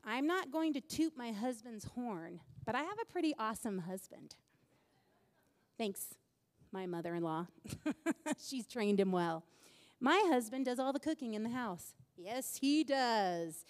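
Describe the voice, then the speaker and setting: Animated woman telling a story in a hall. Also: on the high side, a little slow. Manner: animated, self-mocking storytelling with laughter. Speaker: speaker at a church event. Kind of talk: storytelling talk to an audience.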